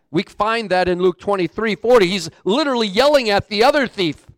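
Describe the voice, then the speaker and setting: Male pastor, high voice, slow dramatic preaching, dry close sound. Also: lively intonation, no echo. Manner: dramatic, swings between booming and hushed. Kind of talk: sermon.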